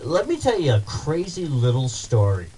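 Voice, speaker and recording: A man hosting a talk show, telling a story casually in a rambling, animated way and repeating himself. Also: mid-range voice, moderate pace, slight background noise, rough recording. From Massachusetts. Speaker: host.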